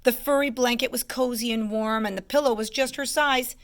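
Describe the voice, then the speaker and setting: A woman teacher reading a storybook aloud to children in an expressive way. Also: fairly high pitch, a little fast. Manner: expressive, hushed asides about pictures.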